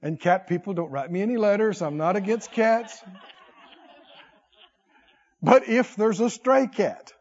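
A man preaching a sermon, animated, with call-and-response and comic asides. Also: sits high, measured pace, long pauses, long reverb tail, dull audio.

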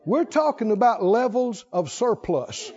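Man, pastor, sermon, very high pitch, folksy storytelling, builds to shouting, muffled lo-fi sound. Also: sing-song, unhurried. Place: church sanctuary.

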